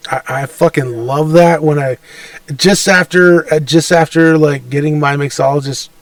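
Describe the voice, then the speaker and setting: Young man, podcast co-host, crude rambling banter, slightly high voice, dry room, off-mic sound. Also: steady tone, moderate pace, dry recording, distant mic. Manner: crude, rambling, laughs often. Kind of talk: casual chat.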